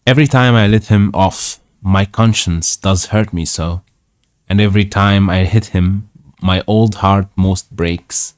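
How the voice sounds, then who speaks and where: A man reading aloud the lines of a fretful, pious old aunt at a slow, careful pace. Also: deep voice, steady tone, clear, resonant tone, dry recording, studio quality. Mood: fretting.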